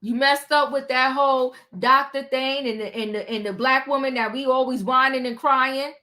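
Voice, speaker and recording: Sassy high-voiced woman livestream host. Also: moderate pace. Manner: animated, sassy, talks back to the people she recaps. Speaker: livestream host recapping a reality show. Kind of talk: casual chat.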